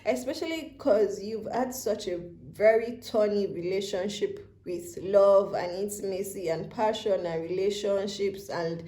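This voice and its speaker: Speaking at a medium pitch in an unhurried, mellow flow with hardly any pauses, this tarot reader channels a reading in a roomy-sounding space. She's near tears, addressing her listener tenderly as "baby" and "love." The clip comes from a handheld phone camera.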